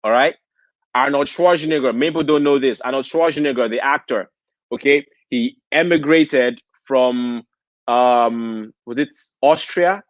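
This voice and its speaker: A man's voice: medium pitch, a little slow, dry recording. A man from Nigeria giving a motivational convention talk, preachy, punctuating points with "okay?". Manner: preachy, keeps asking "okay?". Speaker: convention speaker. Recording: dull lo-fi sound.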